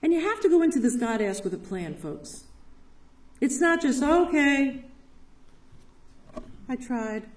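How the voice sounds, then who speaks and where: A woman's voice: high-pitched, big pitch swings, moderate pace, slight background noise. A woman giving an enthusiastic church talk, telling stories with laughter. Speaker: parish ministry speaker. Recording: echoey hall from a distant mic.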